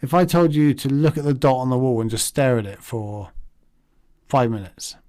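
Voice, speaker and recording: A man's voice: medium pitch, steady tone, moderate pace, dark tone. A man teaching meditation in a casual, rambling way, acting out the thoughts in his head. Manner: rambling and conversational, acts out inner thoughts.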